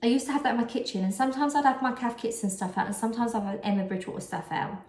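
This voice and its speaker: A woman's voice: fairly high pitch, very fast, a little mellow. A woman, chatting casually in a vlog as she shows off a haul, rambling with lots of asides and fillers. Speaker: vlogger. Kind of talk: casual chat showing a haul. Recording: roomy echo.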